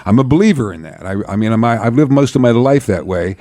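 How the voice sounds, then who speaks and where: A middle-aged man with a mid-range voice tells career stories as a radio DJ. He is animated and laughs easily, with many asides. The sound is dry and close, with no room echo. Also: mid-range voice, quick pace. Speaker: radio DJ, interview guest. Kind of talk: casual storytelling interview.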